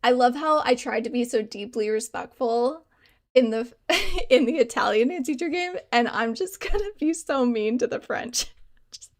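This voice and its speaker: A woman's voice: fairly high pitch, animated, unhurried. A young adult woman streaming a game, joking, rambling and teasing herself in casual commentary. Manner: jokey, self-mocking, rambling.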